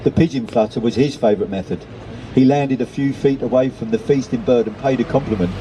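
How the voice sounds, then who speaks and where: A man's voice: mid-range voice, fairly quick, noisy background. A man reading a children's story aloud, with chatty self-deprecating asides to the listeners. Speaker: reader.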